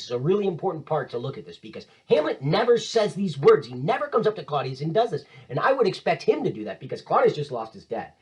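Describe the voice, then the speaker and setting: A husky-voiced man gives an animated literature lecture, his pitch rising and falling freely. He is enthusiastic and conversational, paraphrasing old verse in everyday slang. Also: quick pace, hardly any pauses, rough recording. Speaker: teacher.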